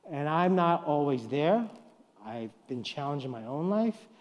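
A man's voice: on the high side, very animated, unhurried, muffled recording. Preacher man in an echoing hall. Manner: storytelling, acts out quoted voices, swings from soft to loud. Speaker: guest preacher. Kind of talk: sermon. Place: church. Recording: long reverb of a church hall.

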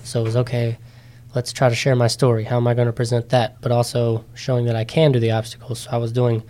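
A nineteen-year-old man in a casual interview, telling his story with many ums and likes and lively quoted voices. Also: medium pitch, fast talker. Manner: chatty, animated when quoting others, many ums and likes. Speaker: interview guest, competitor.

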